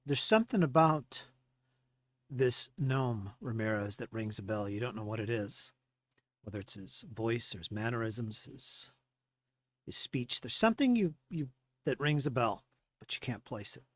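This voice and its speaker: A man narrating as game master of a tabletop game, animated and stumbling through restarts. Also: medium pitch, moderate pace, dry recording.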